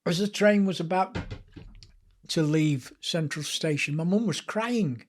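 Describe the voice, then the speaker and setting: A man's voice: a little high, measured pace, slight background noise. Older Lancashire man telling anecdotes. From England. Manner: lively, chatty anecdotes with self-deprecating humour. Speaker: guest author. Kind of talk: anecdotal storytelling in a podcast interview.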